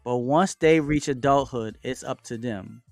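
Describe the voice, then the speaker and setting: A man hosting a casual live stream, chatting loosely, reading out viewers' comments and giving shout-outs. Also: mid-range voice, measured pace, no echo, faint music behind. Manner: reads out and answers viewers' chat comments; relaxed, chatty, with frequent fillers and shout-outs. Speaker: livestream host. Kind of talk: casual livestream chat.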